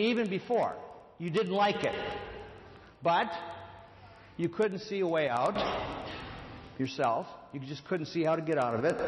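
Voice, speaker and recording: A man's voice: a little high, a little hiss or hum. A man giving a conversational sermon, telling a story about an intervention and acting out the quotes. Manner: conversational, repeats words, acts out quotes. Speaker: speaker on addiction and grace. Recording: long hall reverb.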